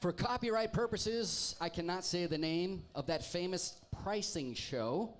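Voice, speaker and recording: Man, trivia host, bar crowd banter, wry jokes, slightly high voice. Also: unhurried. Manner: wry, joking, teasing the crowd. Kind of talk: live pub trivia hosting. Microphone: handheld microphone.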